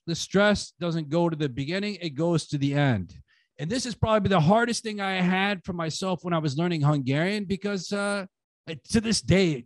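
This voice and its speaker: A man's voice: high-pitched, no echo. A man giving a casual conference lecture as a language teacher, speaking bluntly with joking, slangy phrasing. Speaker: conference lecturer and English lector.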